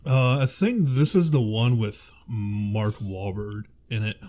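A man's voice: on the low side, slow, dark tone. A man in casual chat, rating films with a friend, laughing often and searching aloud for names.

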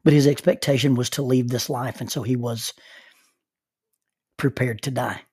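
Middle-aged male minister, mid-pitched and husky, halting storyteller, dry close recording. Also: fairly even intonation, a little mellow, dry recording. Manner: halting, repeats words when starting. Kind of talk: personal storytelling talk.

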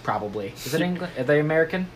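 Racing along in a low voice, this podcast co-host playfully retells a novel, cracking jokes and doing character voices with lots of animation. The talk is casual, and a little background noise is audible.

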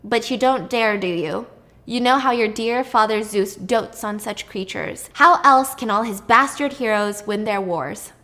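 A woman's voice: fairly high pitch, unhurried, bright, forceful tone. A woman voicing a scheming queen who talks down to everyone with taunting condescension. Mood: smug.

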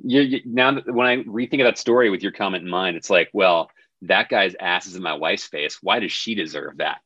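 A man's voice: deep voice, brisk, a bit bright, slightly rough, no room sound, dull audio. A man telling a funny story as a podcast guest in a laid-back, self-deprecating way. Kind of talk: casual storytelling.

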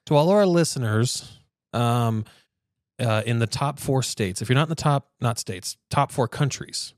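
A man co-hosting a podcast in casual chat, teasing and joking with halting, filler-heavy delivery. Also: medium pitch, expressive, dry recording, studio quality. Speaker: podcast co-host.

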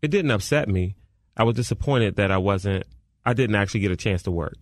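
A man's voice: on the low side, lively intonation, brisk, dry recording, studio quality. A man testifying as a witness under cross-examination, giving short, deferential answers. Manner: terse, deferential "yes, ma'am" answers. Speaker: trial witness. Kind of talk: courtroom testimony.

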